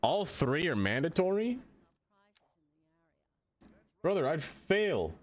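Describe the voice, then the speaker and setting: A man's voice: a little high, very animated, slow pace. A young man chatting casually on a live stream as he plays a city-building game. He talks to the things he builds and laughs often. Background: faint music.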